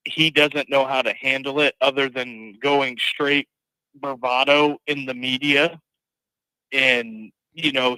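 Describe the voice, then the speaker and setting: Male caller, slow measured pace, crisp bright tone, dry sound, hesitant opinions. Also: medium pitch, dry recording, poor audio. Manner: slow, hesitant, with many ums. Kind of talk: phone-in sports opinion.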